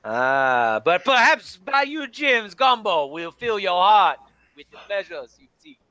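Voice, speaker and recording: A man voicing a jovial bayou cook and bar owner who greets people warmly and drops French words. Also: high-pitched, sing-song, slow pace, no echo, full character voice. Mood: genial. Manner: hearty, hospitable, sprinkles French words. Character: jovial middle-aged male bayou cook, French-tinged.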